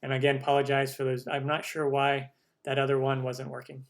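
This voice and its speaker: A man's voice: mid-range voice, monotone, fairly quick, vocal fry. A man from the United States hosting a cooking channel live stream, chatting upbeat through viewer questions with lots of ums.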